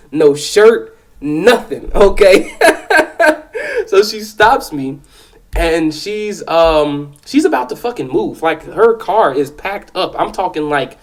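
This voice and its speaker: Profane man telling a story. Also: on the high side. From South Side of Chicago. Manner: profane, animated, keeps checking in with "okay?". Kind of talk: casual spoken storytelling.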